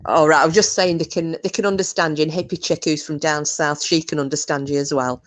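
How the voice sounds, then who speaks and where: A low-pitched woman, hosting a live stream for her viewers. She keeps up a loose, chatty flow, laughs often and swears without a second thought. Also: steady tone, fast talker. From England. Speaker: livestream host. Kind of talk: casual live chat.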